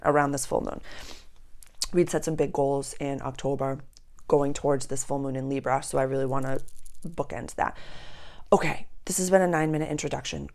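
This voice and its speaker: Young female astrology vlogger, deep gravelly voice, rambling casual chat to camera. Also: fairly even intonation, normal speed, a little mellow. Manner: chatty and rambling, drops to a whisper at times. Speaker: astrology channel host. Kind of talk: casual spiritual talk to camera.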